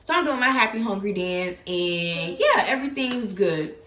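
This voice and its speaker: A bright, animated young woman, telling a story straight to camera. She acts out every quote with big jumps in pitch. Her voice rings off the walls of an echoey room. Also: normal speed. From South Florida. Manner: animated, dramatic retelling with acted-out quotes and sudden pitch jumps. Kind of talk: casual storytime vlog.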